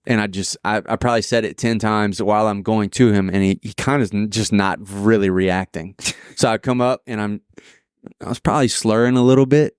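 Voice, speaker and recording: A man hosting a podcast, telling his own story in an easygoing, halting way with plenty of fillers. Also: on the low side, steady tone, clear, resonant tone, dry recording, studio quality. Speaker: podcast host. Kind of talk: casual podcast conversation.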